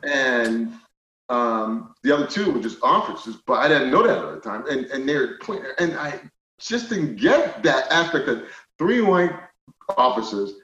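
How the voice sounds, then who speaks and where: A man telling a personal story as a podcast guest, animated, moving from quiet stretches to loud indignant retellings. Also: mid-range voice, unhurried. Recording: roomy, slightly dull podcast audio.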